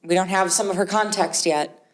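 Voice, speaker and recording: A woman's voice: on the low side, steady tone, normal speed. A woman co-hosting a casual movie review podcast, trading reactions and agreeing with her friend. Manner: easygoing, agreeable, laughs along. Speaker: podcast co-host. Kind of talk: casual chat.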